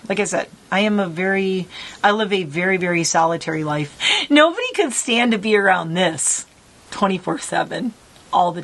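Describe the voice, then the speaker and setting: A middle-aged woman vlogging casually from her rural home, talking in a rambling, animated way. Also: lowish voice, vocal fry, low-quality recording. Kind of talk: casual chat. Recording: faint background noise.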